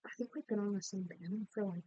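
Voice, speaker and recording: Sitting at home by her laptop, a young woman in college narrates her game build in a casual voice-over, rambling, apologetic, candid and tired. She talks fast in a mellow, mid-range voice, captured in a muffled recording with no room sound.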